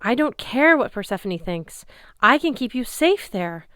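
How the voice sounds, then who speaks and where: Woman voicing anxious underworld god, urgent, pleading, smooth, dry. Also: fairly high pitch, very animated, unhurried, a bit bright, no room sound, pitched above the performer's own voice. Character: agitated god of the dead, older man.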